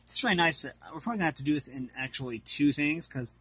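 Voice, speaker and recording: A man's voice: fairly high pitch, fast talker, fairly bright tone, husky. A man casually reading an art book aloud and commenting, hesitant and apologetic as he stumbles over names.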